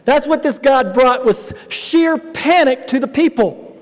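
High-voiced male pastor in reverberant hall. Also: measured pace. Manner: explanatory, emphatic, addresses congregation directly. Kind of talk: sermon.

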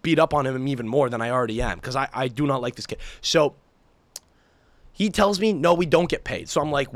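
Young male podcast host, animated profane storyteller, dry close mic. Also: medium pitch, brisk, no room sound. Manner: animated, profane, mimics people in shouty voices. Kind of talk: casual chat, ranting storytelling.

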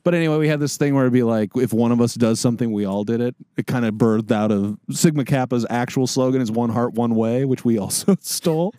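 A man's voice: mid-range voice, quick pace, few pauses, dark tone, dry recording, studio quality. A man on a comedy podcast telling casual stories, laid-back and full of fillers.

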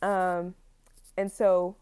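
A woman's voice: on the low side, level tone, drawn-out words, darkish tone, clear, resonant tone. Rambling young woman recapping a story. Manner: rambling, filler-heavy, laughs often. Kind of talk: casual plot recap.

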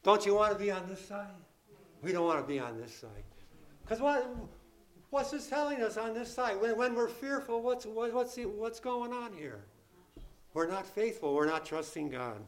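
A man with a high, animated voice preaches a sermon at a moderate pace, emphatic and repeating key phrases. He poses questions to the congregation and, raising his voice, acts out the disciples' frightened, panicked pleas.

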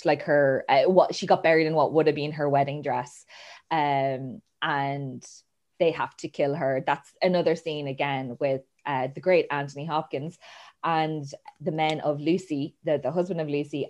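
A woman with a low voice talks casually as a host, walking through a film's plot. She acts out the characters' lines with plenty of energy and laughs often along the way. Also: darkish tone, highs cut off. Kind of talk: casual chat retelling a film plot.

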